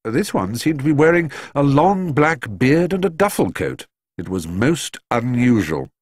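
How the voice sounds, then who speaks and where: A man narrating a children's storybook in an expressive, measured way. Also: mid-range voice, no echo, clean studio sound. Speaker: audiobook narrator.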